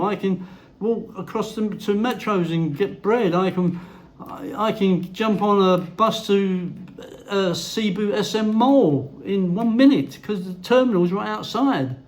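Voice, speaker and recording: Male vlogger, high-pitched, blunt and profane, casual rant. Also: a little mellow. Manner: blunt, profane, frequent swearing. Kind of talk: casual ranting to camera. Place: house in a Philippine city.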